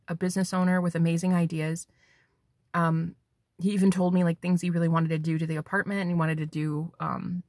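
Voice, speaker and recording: A woman's voice: on the low side, a little mellow, dry recording, studio quality. A woman psychic medium giving a spiritual tarot reading, talking bluntly and preachily and swearing for emphasis.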